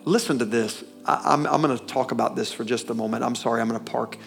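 A man's voice: mid-range voice, fairly even intonation, fast, gravelly, faint music behind. A man preaching a sermon in a church, emphatic, calling out to the congregation and breaking into folksy asides.

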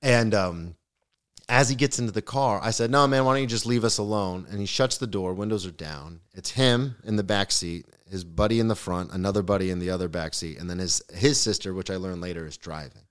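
A man's voice: low voice, brisk, clean tone. A young man, a podcast guest, telling a comedic story with lots of swearing and acted-out quotes. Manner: animated, swearing, acts out the quotes.

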